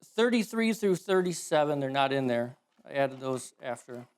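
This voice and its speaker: A man preaching a sermon in a casual, animated storytelling way, correcting himself as he goes. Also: mid-range voice, normal speed, smooth. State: emotional.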